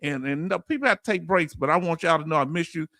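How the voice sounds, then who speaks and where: Southern man, live-stream host, slightly high voice, dry close sound, loose chatty delivery. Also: fast, dry recording. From Southern United States. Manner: warm, chatty, with frequent fillers and restarts. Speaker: YouTube channel host. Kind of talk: live-stream chat shout-outs.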